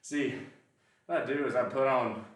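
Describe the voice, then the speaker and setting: A man's voice: medium pitch, normal speed. Man counting reps in an echoey gym. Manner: counting reps out loud, swearing and grunting between sets. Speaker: fitness vlogger. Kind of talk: casual workout commentary. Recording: very echoey, from far off the mic.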